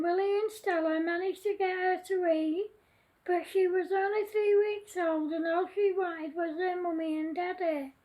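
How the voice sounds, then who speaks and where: A woman reading her own children's story aloud in an earnest, gentle way, with small restarts. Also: very high-pitched, rough recording.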